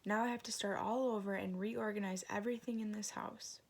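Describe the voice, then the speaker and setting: A woman's voice: medium pitch, steady tone, fairly quick, close to an everyday voice. A woman voicing a fussy, perfectionist mother bear who growls her complaints in a storybook reading. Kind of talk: storybook read-aloud.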